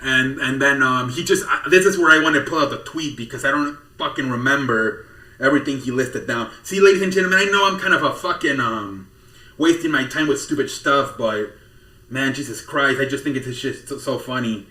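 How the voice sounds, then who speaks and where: A man's voice: mid-range voice, brisk, pushed and bright, reverberant, far from the mic. A man hosting a podcast, chatting casually and rambling through wrestling news with lots of swearing and disbelief. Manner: profane, rambling, incredulous. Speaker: podcast host.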